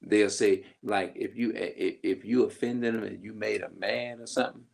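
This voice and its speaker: A man's voice: fairly low pitch, fairly even intonation, normal speed, creaky, darkish tone. A middle-aged man in a rambling, emphatic casual monologue, swearing freely as he vents. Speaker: vlogger.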